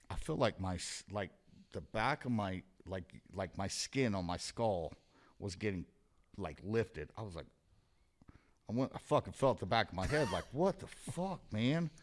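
A man, a podcast guest, telling a story in a casual, rambling way with constant swearing and a vivid play-by-play. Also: sits low.

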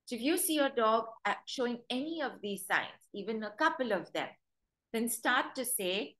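A woman speaks as a dog trainer in a webinar, with a fairly high voice. She tells stories warmly paced and slips into little quoted voices for what dogs seem to think. Her talk is conversational, full of asides and examples. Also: lively intonation, moderate pace, rough recording. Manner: storytelling, acts out dogs' thoughts in quoted voices.

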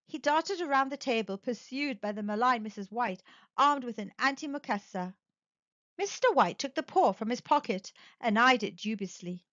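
A woman narrating a classic story clearly and expressively for English learners. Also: a little high, expressive, moderate pace, a bit bright, dry recording. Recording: dull dry recording.

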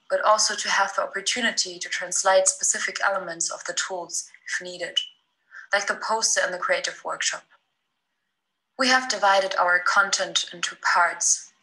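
Bright-voiced woman presenting a design project. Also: lowish voice, poor audio. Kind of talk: scripted presentation narration.

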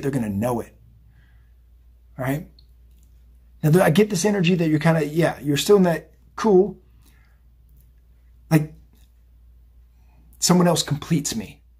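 A man's voice: a little high, a little mellow, husky. A middle-aged man giving a chatty, rambling tarot reading, often tagging his lines with "right?" and "okay?". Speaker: psychic tarot reader. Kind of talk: casual tarot reading monologue.

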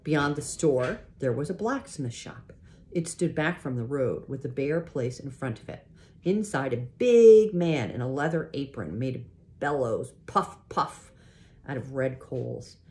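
A woman reading a children's chapter book aloud in a gentle, unhurried way, pausing to show the pictures. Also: extremely low pitch. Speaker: reader.

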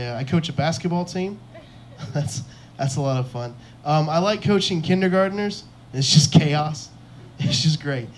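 A man's voice: a little high, a little hiss or hum. A young man doing a stand-up comedy set on a club stage, telling self-mocking stories and acting out the lines of the people in them. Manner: self-deprecating storytelling, acts out quotes.

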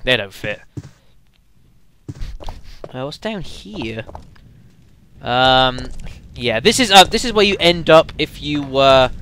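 A man giving casual, chatty let's play commentary, speaking to viewers as folks with lots of halting fillers. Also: mid-range voice, bright, forceful tone.

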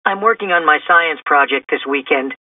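A man's voice: a little high, moderate pace, no room sound, lightly acted. A man reading a storybook aloud and voicing a brainy teenage girl who explains things precisely. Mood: explaining. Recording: distant, tinny phone-like sound.

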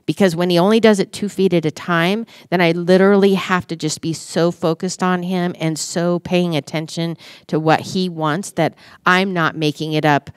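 Lively woman telling her story. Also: fairly low pitch, normal speed, few pauses, clean tone, no echo, studio quality. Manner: animated, acts out her own inner dialogue. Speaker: podcast guest, church staff member. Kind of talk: casual storytelling conversation.

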